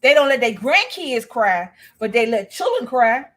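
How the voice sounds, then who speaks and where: A woman's voice: on the high side, very animated, normal speed, fairly bright tone. A woman co-hosting a casual chat, telling stories in a blunt, profane, laughing way. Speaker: co-host.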